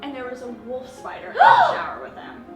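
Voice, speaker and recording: A woman's voice: sits high, wildly swooping pitch, fairly quick, creaky. A young American woman, a guest, chatting casually and expressively with many fillers. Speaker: guest YouTuber. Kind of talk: casual chat. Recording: echoey room, mic at a distance, music behind.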